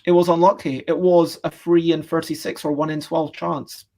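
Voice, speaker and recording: A woman's voice: low voice, little pitch movement, normal speed, mellow. A woman, chatting in a cheerful, rambling way with her live stream audience. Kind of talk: casual chat to a live stream chat.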